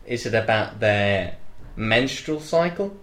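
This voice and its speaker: A young man co-hosting a casual comedic chat, rambling and jokey, now and then bursting into loud mock shouts. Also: on the low side, expressive, takes it slowly. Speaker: co-host. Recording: echoey room.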